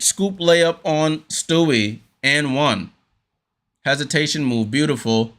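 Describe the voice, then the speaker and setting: Guy doing fan play-by-play, bright sharp voice, lots of ums, gets hyped on big plays. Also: a little high, takes it slowly. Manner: hesitant with fillers, rising excitement on big plays. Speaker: host. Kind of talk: casual fan play-by-play commentary.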